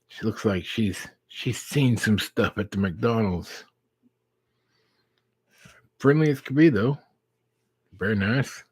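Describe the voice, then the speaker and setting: A middle-aged man hosting a live stream, telling a casual story slowly and acting out the dialogue. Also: fairly low pitch, slightly rough, no echo. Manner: slow, drawn-out storyteller who acts out quoted dialogue.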